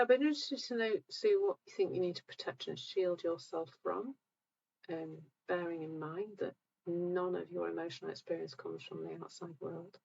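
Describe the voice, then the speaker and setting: A calm, gentle woman hosting a live session, talking reassuringly to viewers while sounding a bit tired. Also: fairly low pitch, creaky, slightly rough, lo-fi sound. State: tired, low energy. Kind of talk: live-stream talk answering viewer comments.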